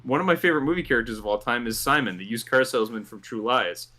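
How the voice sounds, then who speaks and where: A man's voice: medium pitch, expressive, quick pace, sharp tone. A man hosting a commentary show, reading a script in an amused tone and laughing through his lines. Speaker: host.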